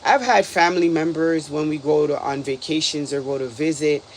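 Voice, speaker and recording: A man's voice: on the high side, normal speed, slight background noise. A man from Canada talking casually as a reaction video host, exasperated and rambling, with lots of "like"s. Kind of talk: casual commentary.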